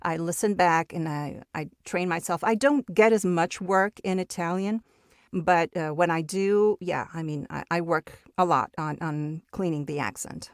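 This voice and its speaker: This is a woman with a lowish voice whose first language is Spanish, talking easily as a guest in an interview. She restarts her sentences and repeats words as she goes. The sound is dry and close, with no room around it. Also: unhurried, dry recording. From Mexico. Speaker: guest voice actor. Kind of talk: casual interview chat.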